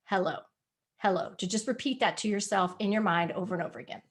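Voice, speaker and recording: A woman's voice: mid-range voice, fast talker. Earnest woman giving an online talk. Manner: earnest, repetitive, coaxing. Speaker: wellness presenter. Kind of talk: live online presentation.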